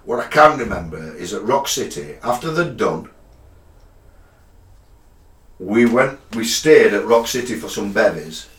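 A man's voice: lowish voice, lively intonation, moderate pace. A middle-aged man, chatting casually and telling stories full of swearing and quoted lines. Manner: swears a lot, tells stories with acted quotes. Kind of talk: casual chat about gigs. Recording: roomy, far from mic.

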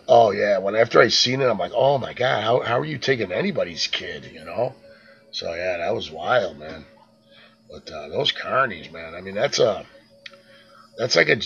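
A man's voice: fairly low pitch, creaky, a bit bright, highs cut off. A man co-hosting a podcast, telling stories in a laid-back way, swearing and tossing in "man" and "dude". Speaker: podcast co-host. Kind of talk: casual chat, storytelling.

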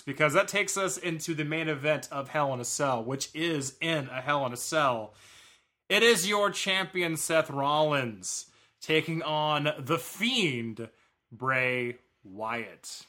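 Podcast guy talking wrestling, bright punchy voice, a bit high, gets animated. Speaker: podcast co-host. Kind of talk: casual wrestling review chat.

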